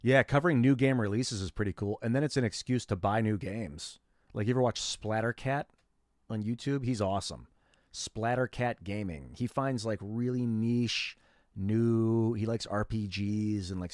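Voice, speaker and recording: A man's voice: fairly low pitch, darkish tone, no room sound. Rambling slangy male streamer, dry sound. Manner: rambling, slangy, talks to chat viewers. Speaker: gaming streamer. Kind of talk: casual livestream chat.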